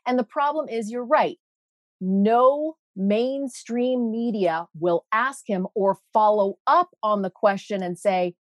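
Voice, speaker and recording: A woman's voice: mid-range voice, slow pace, no room sound. A woman guest on an interview show, speaking in an indignant, emphatic way. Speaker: guest, meteorologist. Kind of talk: impassioned interview talk.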